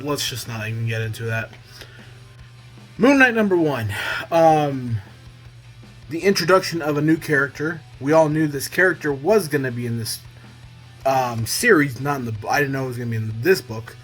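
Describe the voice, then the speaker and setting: A man giving a casual, enthusiastic review in a vlog, talking loosely and filling pauses with "um" and "you know.". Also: fairly high pitch, fairly bright tone. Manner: enthusiastic, loose, heavy on fillers. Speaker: comic book reviewer.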